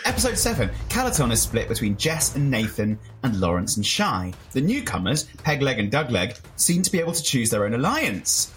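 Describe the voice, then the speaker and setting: A man co-hosting a podcast, joking and animated as he recaps episodes. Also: mid-range voice, normal speed, hardly any pauses, over music. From France. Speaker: podcast co-host. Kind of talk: casual podcast chat and recap.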